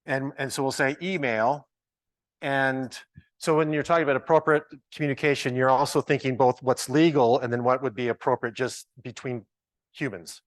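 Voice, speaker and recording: A man's voice: mid-range voice, steady tone, moderate pace, dry recording. A man leading an informal training workshop, chatty and joking, thinking aloud as he works with the audience. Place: large ballroom with a live audience.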